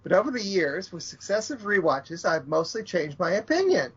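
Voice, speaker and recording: A man's voice: high voice, very animated, moderate pace, fairly bright tone, breathy edge, highs cut off. A man co-hosting a podcast, reading out a dry, wry review of an episode. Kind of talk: read review.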